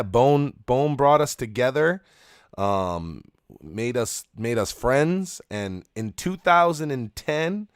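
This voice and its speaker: A man's voice: mid-range voice, no echo, studio quality. A man in his thirties, co-host of a podcast, telling a rambling, profane story with lots of restarts. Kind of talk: casual storytelling.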